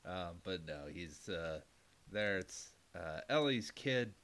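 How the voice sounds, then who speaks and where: A man's voice: sits low, animated, slow pace, a bit bright. A man co-hosting a casual podcast, recapping a film with dry, wry jokes. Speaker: podcast co-host. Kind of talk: casual movie recap chat.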